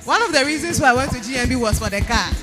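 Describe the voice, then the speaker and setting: A woman's voice: high-pitched, lively intonation, very fast. A woman with a Ghanaian accent hosting a live event, energetically coaxing people from the audience to come up, repeating her calls again and again. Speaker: event host. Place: live event hall with music playing. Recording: faint background music.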